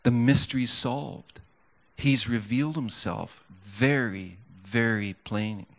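A man's voice: on the low side, unhurried, fairly bright tone. A man preaching a sermon in a conversational storytelling way, with stammers and restarts, building to fervent emphasis.

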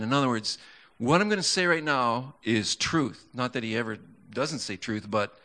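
A man's voice: medium pitch, expressive, normal speed, fairly bright tone. A man preaching a sermon in a conversational storytelling way, with stammers and restarts, building to fervent emphasis.

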